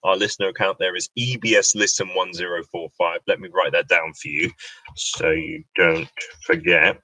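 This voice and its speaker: British man, low voice, bright tone, casual livestream chat, joking, reading out comments, dry sound, a bit off mic. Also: no room sound, distant mic, poor audio. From Britain. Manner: chatty, joking, reads out comments. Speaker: radio host answering viewer questions.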